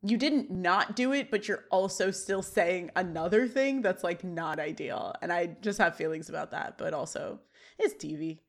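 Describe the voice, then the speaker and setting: A woman's voice: on the low side, animated, moderate pace. Woman podcast cohost, casual chat, walks through scenes and quotes lines. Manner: chatty, reads scene recaps with quoted lines. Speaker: podcast co-host. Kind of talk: casual chat, episode recap.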